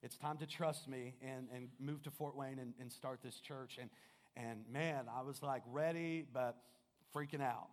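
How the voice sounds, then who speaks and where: A man preaching a sermon as pastor, telling a personal story in an earnest manner, swinging between loud and hushed. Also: medium pitch, steady tone, unhurried. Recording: music playing behind the voice.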